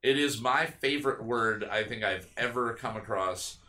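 A man's voice: medium pitch, moderate pace, bright, forceful tone. A man hosting a casual podcast, reading odd words aloud and joking with his co-hosts. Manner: joking, laughs often, spells words out. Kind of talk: casual crude podcast banter. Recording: roomy, from off-mic, faint noise.

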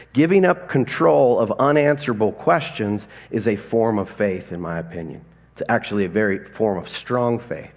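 A man's voice: mid-range voice, muffled recording. A man in his forties preaching a sermon in a conversational, folksy way, telling stories and chuckling now and then. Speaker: pastor. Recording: long hall reverb.

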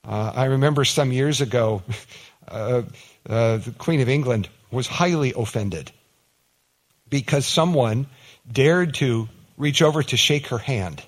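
Guy preaching a sermon, chatty and animated, keeps repeating words and doing little mock voices. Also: medium pitch, unhurried. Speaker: pastor.

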